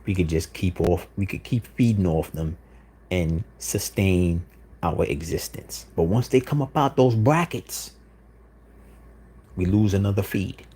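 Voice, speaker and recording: A man's voice: low-pitched, measured pace, warm tone, slightly rough. A man hosting a livestream, delivering an insistent, repetitive monologue with frequent "you know what I'm saying.". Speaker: livestream host.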